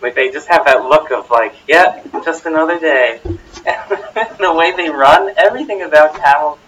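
A man speaks in a rambling, halting way, restarting his sentences as he gushes. He sounds set back from the mic, with a faint hiss of noise underneath. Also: on the high side, expressive, a bit bright, recorded from a distance, low-quality recording. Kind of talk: casual chat.

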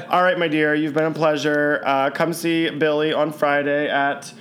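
A man's voice: on the high side, flat delivery, normal speed, a bit bright, a little hiss or hum. A man hosting a casual podcast chat with a sassy, teasing, campy manner. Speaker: podcast host, drag performer.

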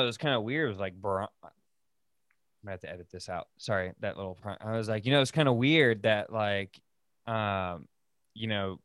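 Rambling low-voiced man telling a story. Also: fairly bright tone, smooth, no room sound, studio quality. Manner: rambling, swears often, frequent "like" fillers. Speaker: podcast host. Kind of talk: casual storytelling chat.

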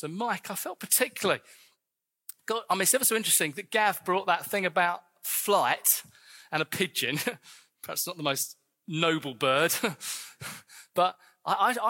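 Male preacher, high and bright, fervent sermon with light asides, long church reverb. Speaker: visiting preacher.

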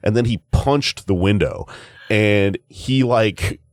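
Male comedian host, low voice, dry close mic, swears constantly through a rambling casual anecdote. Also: dry recording. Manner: rambling, profane, rapid anecdote-telling. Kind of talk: casual podcast storytelling.

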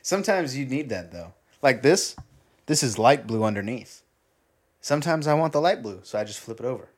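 Lively young man telling stories. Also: medium pitch, fairly quick, slightly rough. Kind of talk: casual chat.

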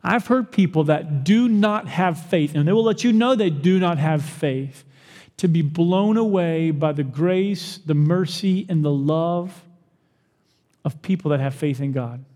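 A man preaching a sermon as pastor, animated, asking the crowd questions and acting out the people he quotes. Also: a little high, a little slow, big-room sound.

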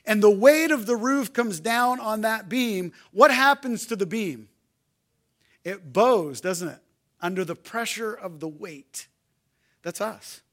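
A male pastor preaching a sermon, repeating key phrases, swinging between hushed, soft delivery and loud shouted appeals. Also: high voice, animated, slow pace.

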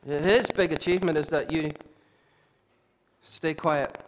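Impassioned pastor preaching. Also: male voice, on the high side, fairly even intonation, unhurried. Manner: impassioned, repetitive emphasis, drops to quiet asides. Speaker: lead pastor. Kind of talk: sermon. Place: church hall.

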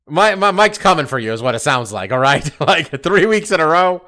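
A man's voice: a little high, very animated, sharp tone. A man hosting a podcast, chatting casually about fights with lots of laughing and some swearing. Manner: laughing, swearing, quick banter. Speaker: podcast host.

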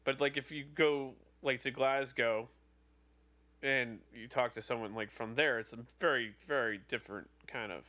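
A man's voice: medium pitch, normal speed, sharp tone. A man from Wales co-hosting a casual podcast chat in an easygoing way. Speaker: podcast co-host.

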